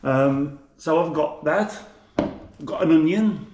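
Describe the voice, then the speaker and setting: Brummie guy cooking on his vlog, kinda high voice, rambly and jokey, roomy echo. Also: takes it slowly, noisy background. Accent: Birmingham. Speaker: cooking vlogger. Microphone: GoPro camera. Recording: echoey room.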